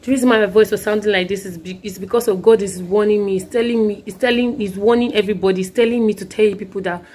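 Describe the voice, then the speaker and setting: A woman's voice: mid-range voice, fairly even intonation, fast talker, hardly any pauses, a little mellow. Earnest woman with a sore throat. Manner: rambling, restarts often, earnest. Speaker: Christian vlogger. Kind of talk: recounting a dream, preaching.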